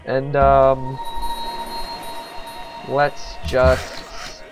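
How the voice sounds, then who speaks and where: A man's voice: medium pitch, completely flat delivery, drawn-out words, music in the background. A man giving casual let's-play commentary on a strategy game, thinking aloud with frequent hesitations.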